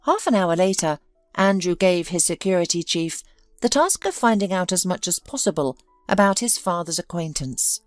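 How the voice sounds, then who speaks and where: A woman's voice: fairly low pitch, expressive, normal speed, no room sound, soft background music. A woman telling a dramatic story in scripted narration.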